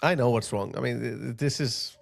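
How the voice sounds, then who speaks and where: A man's voice: mid-range voice, brisk, vocal fry. A man hosting a video, giving indignant reaction commentary on clips, with laughing asides. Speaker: YouTube commentator host.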